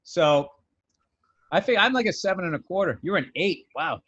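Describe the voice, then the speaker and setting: Male podcast host, high bright voice, teasing banter. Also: expressive, normal speed, breathy edge, dull audio. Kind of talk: casual comedic chat.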